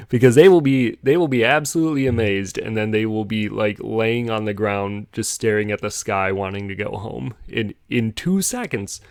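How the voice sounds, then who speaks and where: A man's voice: fairly low pitch, dry recording, clean studio sound. A young man casually telling a rambling story on a podcast, chuckling as he goes. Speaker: podcast host.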